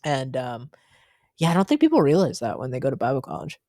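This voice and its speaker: A man hosting a casual podcast, telling stories in an animated way with frequent ums and likes. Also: mid-range voice, quick pace, no room sound, studio quality. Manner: animated storyteller, frequent fillers. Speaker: podcast host.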